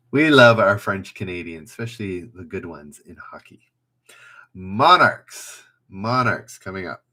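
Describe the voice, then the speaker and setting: A man's voice: deep voice, sharp tone. A man hosting a live trivia stream, reading questions aloud, calling out players and joking at himself in a chatty way. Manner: chatty, self-mocking, reads questions aloud and calls out players. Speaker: trivia livestream host. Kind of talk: casual livestream quiz hosting.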